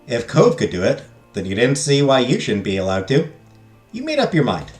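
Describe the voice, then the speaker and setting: A man's voice: mid-range voice, huge pitch swings, moderate pace, darkish tone, faint music behind. A man streaming a visual novel, reading the story text aloud and dropping crude joking asides. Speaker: game streamer. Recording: echoey room.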